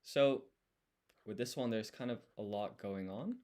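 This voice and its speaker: A man's voice: on the low side, measured pace, darkish tone. A man streaming his language study, talking himself through each step as he writes. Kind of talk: thinking aloud while writing.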